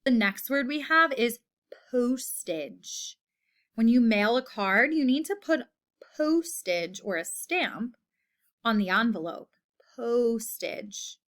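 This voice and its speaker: Female teacher, slightly high voice, slow deliberate delivery for a children's word lesson. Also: fairly bright tone. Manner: slow, patient, repeats each word with example sentences.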